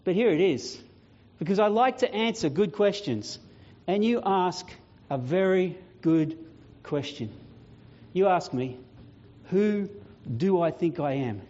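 A risen divine saviour, performed by a man, defiantly answers Death in a dramatic sermon monologue. The voice sits a touch high and moves very slowly, with weighty pauses. The recording sounds dull and lo-fi. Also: animated. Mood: conversational. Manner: slow, solemn proclaiming with long pauses, growing quieter and weightier.

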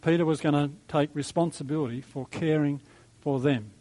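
Pastor with a higher male voice. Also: steady tone, moderate pace, poor audio. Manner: conversational, reflective, with soft chuckles and fillers. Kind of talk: sermon.

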